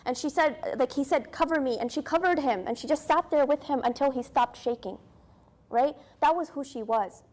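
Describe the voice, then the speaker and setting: A woman's voice: high-pitched, normal speed, a little mellow. A young adult woman teaching an Islamic studies class in a casual, storytelling way, often asking "right?" and using many fillers.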